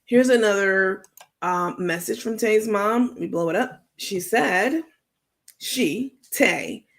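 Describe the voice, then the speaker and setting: Host: New York woman, gravelly, loose slangy gossip talk. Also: medium pitch. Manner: chatty, drawn-out, slangy, full of fillers. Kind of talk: gossip commentary stream.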